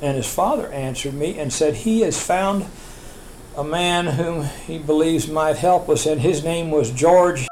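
A man's voice: on the high side, unhurried, darkish tone, slight background noise, rough recording. An older man recounting his family history in a rambling, chuckling way, with many restarts. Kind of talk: oral history storytelling.

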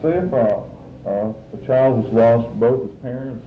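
A man's voice: medium pitch, measured pace, mellow, roomy sound, slight background noise, poor audio. A man interviewing someone, asking questions patiently and hesitantly, with many fillers.

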